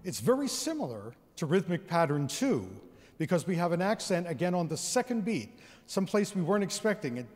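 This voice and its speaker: A man's voice: high voice, sing-song, a little fast, a little mellow, faint music behind. A man presenting an educational concert, leading the audience in counting and singing rhythms with the orchestra in a large theater. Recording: long reverb of a large theater hall.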